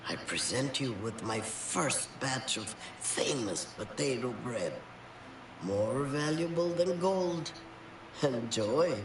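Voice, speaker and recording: A woman's voice: a bass voice, animated, slow pace, exaggerated voice. An actress playing a fretful village woman in a video game who pleads for help and gushes when she is helped. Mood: grateful. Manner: pleading, then gushing with relief. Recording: roomy, distant, noisy game audio.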